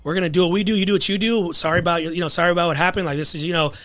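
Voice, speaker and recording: A man with a high, fairly bright voice speaks in a steady tone at a racing pace. He's a podcast guest, an adult with a wife and child, telling a personal story loosely and casually, full of fillers like "you know what I mean."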